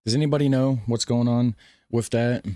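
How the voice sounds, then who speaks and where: A man's voice: mid-range voice, steady tone, normal speed, warm tone, dry recording, studio quality. A man hosting a casual reaction stream, chatting loosely and swearing now and then. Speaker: reaction video host. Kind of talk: casual live reaction commentary.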